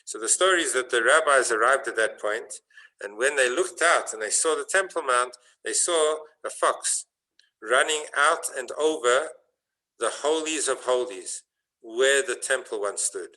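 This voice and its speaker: A man giving a sermon as a rabbi, telling a story and building to fervent emphasis, with some halting restarts. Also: medium pitch, bright, forceful tone, rough recording.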